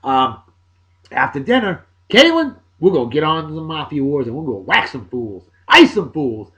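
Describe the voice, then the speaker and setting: This jokey, animated vlog host from Massachusetts has a fairly high pitch and a moderate pace. He runs through casual birthday shout-outs, alternating loud bursts with muttered asides.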